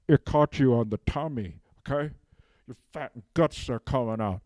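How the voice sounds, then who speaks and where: A man improvises a rambling, absurd comic monologue and keeps checking in with "okay?". His voice is warm and mellow at an ordinary pitch. He is recorded dry and close on a handheld mic. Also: normal speed, dry recording. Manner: rambling, drops "okay?" after nearly every phrase. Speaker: improv comedian. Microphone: handheld microphone.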